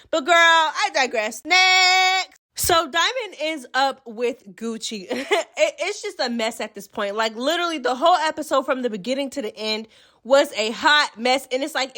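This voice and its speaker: A woman hosting a casual reality TV recap vlog, sassy and expressive, full of slang and talking straight to her viewers. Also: sits high. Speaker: host of a reality TV recap channel.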